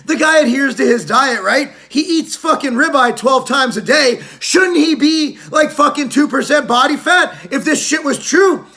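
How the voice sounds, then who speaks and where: A man's voice: very high-pitched, normal speed, hardly any pauses, pushed and bright. A middle-aged man, a fitness vlogger, giving a brash, profane, mocking rant to the camera.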